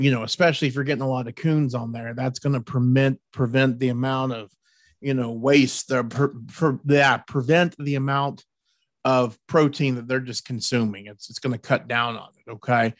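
A man's voice: medium pitch, steady tone, moderate pace, fairly bright tone, no echo, clean studio sound. A man hosting a hunting show, talking in a folksy, repetitive, pushy way. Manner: folksy, repeats words, pushy about tips. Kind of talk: casual podcast chat.

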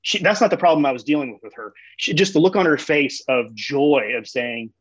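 Husky-voiced man explaining faith earnestly. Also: a little high, fairly quick, no echo. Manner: earnest, explains through family stories. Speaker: guest. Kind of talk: conversational theological explanation. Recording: dull, dry recording.

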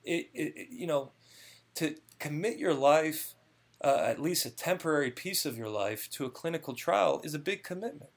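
A man's voice: a little high, expressive, moderate pace. A man being interviewed, explaining a job earnestly and often repeating words as he starts a thought. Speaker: clinical research guest. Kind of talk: conversational interview.

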